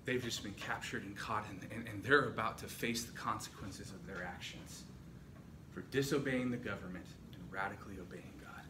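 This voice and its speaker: Retelling a story with dramatically rising and falling intensity, a man delivers a sermon in a church hall. His voice is lowish and his pace moderate, while the recording suffers from room echo, noise, and a distant microphone.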